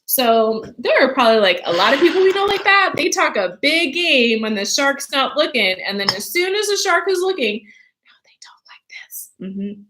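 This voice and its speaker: A woman teacher, animated and chatty, reading a book aloud for children and asking them questions. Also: high voice, normal speed, hardly any pauses.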